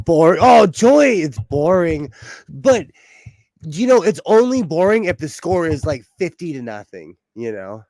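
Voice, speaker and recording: A man's voice: a little high, very animated, slow, a little mellow, no room sound. A man from Southern California with a Southern Californian accent, chatting casually with his chat while hosting a sewing livestream at home and laughing often. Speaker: livestream host.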